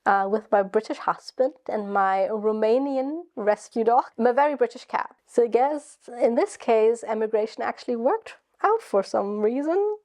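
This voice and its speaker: A woman's voice: fairly high pitch, animated, normal speed, a little mellow. A young woman with a German accent, chatting casually to camera in a rambling, filler-heavy vlog. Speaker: vlogger.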